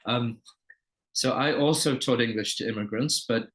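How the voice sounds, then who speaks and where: A man's voice: mid-range voice, normal speed, fairly bright tone, poor audio. A man interviewing a guest, asking follow-up questions and adding short reactions. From United States. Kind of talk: conversational interview.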